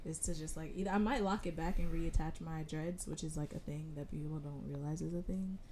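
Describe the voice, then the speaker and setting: A woman telling stories in a casual group chat, laughing often and talking in an animated way. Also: low-pitched, fairly quick, slight background noise.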